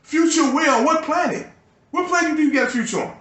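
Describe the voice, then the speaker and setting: A man's voice: very high voice, fast talker, fairly bright tone, echoey room. A man delivering a profane, agitated and bitter ranting monologue to his video channel. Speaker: YouTuber.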